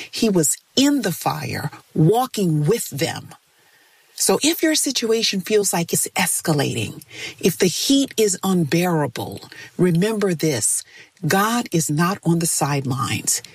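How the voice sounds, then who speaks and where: A woman reading a scripted devotional in a slow, soothing, measured way. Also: lowish voice, slightly rough, no echo, far from the mic. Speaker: devotional segment narrator.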